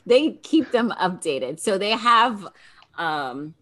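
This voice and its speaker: A woman in her thirties co-hosting a podcast in casual chat, animated and laughing often. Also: mid-range voice, takes it slowly. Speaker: podcast co-host.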